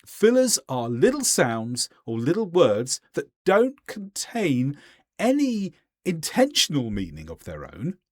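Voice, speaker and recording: A man teaching English in a scripted voice-over, speaking clearly and deliberately and stressing key words. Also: on the high side, huge pitch swings, darkish tone, no echo, studio quality.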